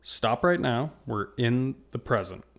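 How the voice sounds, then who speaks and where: A man co-hosting a casual podcast, his voice gravelly with a lot of fry. He is supportive and agrees often, backing his partner up with short replies. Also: medium pitch, expressive, measured pace. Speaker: podcast co-host.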